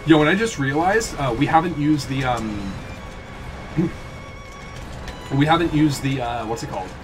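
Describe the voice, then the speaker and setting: A young man giving excitable casual commentary while playing a video game, yelping and laughing as he goes. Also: mid-range voice, normal speed. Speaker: gaming channel host. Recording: background game music.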